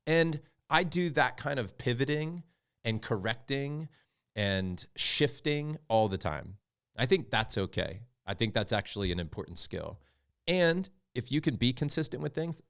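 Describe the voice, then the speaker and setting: A middle-aged man speaking as a podcast guest, talking candidly and reflectively about fatherhood and getting animated as he recounts stories. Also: medium pitch, normal speed, vocal fry. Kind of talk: candid conversational storytelling.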